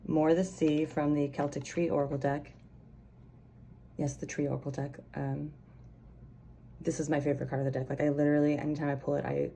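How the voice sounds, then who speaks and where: A young woman with a low, mellow voice gives a relaxed pick-a-card tarot reading. She talks in a loose, chatty way, trailing off and restarting her sentences. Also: a little hiss or hum. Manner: chatty, rambling, many fillers and restarts. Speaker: tarot reader.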